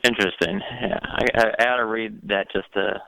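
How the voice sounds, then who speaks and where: A male caller with a lowish, bright, forward voice and a dry sound with no room echo. He talks haltingly, restarting and repeating words as he works out his question. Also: fairly even intonation, vocal fry. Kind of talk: call-in conversation.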